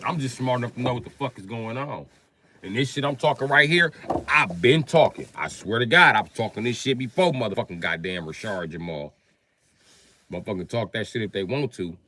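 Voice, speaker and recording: A man's voice: medium pitch, animated, fairly quick, bright, forceful tone, a little hiss or hum. A man ranting on a livestream to his viewers, confrontational and swearing heavily. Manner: profane, confrontational, heavy swearing.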